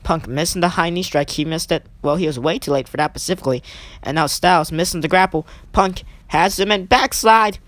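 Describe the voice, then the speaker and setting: A woman giving eager play-by-play wrestling commentary over a video game, climbing high in pitch as she counts pins, with chatty asides. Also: brisk, dry recording. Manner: excitable, rising sharply on pin counts, chatty asides. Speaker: gaming channel host.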